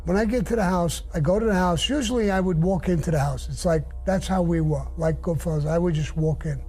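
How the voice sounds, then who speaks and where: A man's voice: sits high, fairly quick, darkish tone, husky. An older man bluntly recounting his past in a casual, profane storytelling way, with faint music behind.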